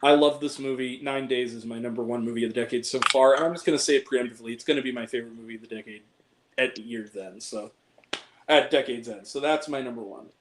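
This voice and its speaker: A man's voice: medium pitch, fast talker, slight background noise, poor audio. A young man hosting a casual film talk, speaking earnestly and from the heart about a movie that moved him. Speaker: podcast host ranking films.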